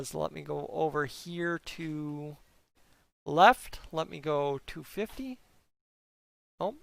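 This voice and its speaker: A man's voice: fairly high pitch, a bit bright, clear, resonant tone, no echo. A young man hosting a live hockey reaction stream, chatting with viewers and calling the play-by-play into a close mic. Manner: chatty, talks to chat, does play-by-play. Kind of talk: casual live-stream commentary.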